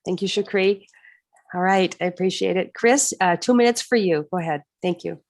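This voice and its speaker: A woman moderates a candidate forum, briskly handing out turns and keeping time. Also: fairly low pitch, dry recording, clean studio sound.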